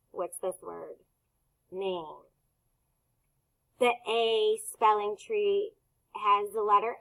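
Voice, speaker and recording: A woman teacher leading a recorded phonics lesson for young students, speaking slowly and clearly and pausing for answers. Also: fairly high pitch, pushed and bright, low-quality recording.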